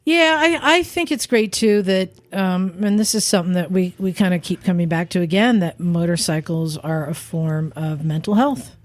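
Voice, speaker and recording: A woman's voice: lowish voice, moderate pace, hardly any pauses, no echo. A woman co-hosting a podcast in casual chat, chatty with many fillers and frequent laughs. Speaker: podcast co-host.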